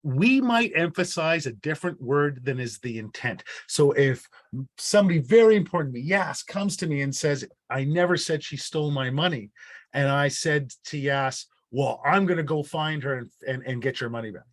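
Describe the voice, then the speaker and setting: A man's voice: fairly high pitch, expressive, moderate pace. A man leading an online workshop. He talks casually and often repeats words and restarts his phrases. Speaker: workshop facilitator.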